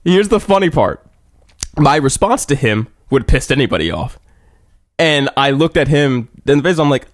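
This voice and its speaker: A man's voice: mid-range voice, animated, moderate pace, no echo, studio quality. A young man co-hosting a podcast, telling a rambling, profane story in casual chat. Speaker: podcast co-host.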